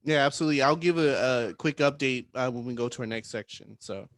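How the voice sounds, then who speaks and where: A man co-hosting a casual real estate podcast in an upbeat, jokey way, often tagging his points with a quick "right?". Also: medium pitch, no room sound.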